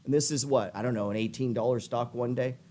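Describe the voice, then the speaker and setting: On his trading show, a middle-aged man launches into a profane motivational rant, getting more fired up and pushy and swearing freely as he goes. He talks fast in a dark, mid-range voice with a steady tone.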